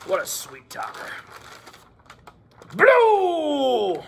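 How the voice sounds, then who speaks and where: Gravelly, hammy male teacher, lively. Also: high voice, takes it slowly, pauses often, noisy background. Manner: hammy, joking, slips into a gruff pirate voice. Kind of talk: playful lesson for children.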